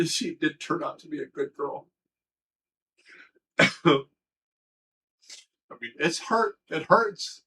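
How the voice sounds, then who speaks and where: A man's voice: fairly high pitch, expressive, takes it slowly, pauses often, pushed and bright, breathy edge, low-quality recording. A livestream host talking candidly and emotionally, rambling and swearing as he tells a personal story. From Ohio.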